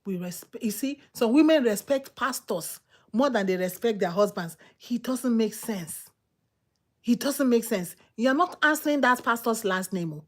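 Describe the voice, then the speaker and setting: A woman preaching a sermon in an emphatic, repetitive, exhorting manner, swinging between loud outbursts and low murmurs. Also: lively intonation, moderate pace.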